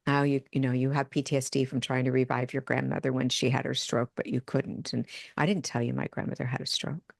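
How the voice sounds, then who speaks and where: Older woman guest, low pitch, dry close sound, animated storyteller who acts out dialogue. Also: fairly quick, vocal fry, hardly any pauses, no room sound. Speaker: medium and addiction counselor. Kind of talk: podcast interview storytelling.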